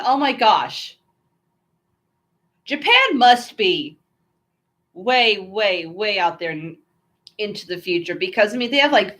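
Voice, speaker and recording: A woman's voice: fairly high pitch, a bit bright. A woman with an American accent chatting casually to her camera, rambling from one thought to the next with lots of fillers and asides. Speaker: vlogger.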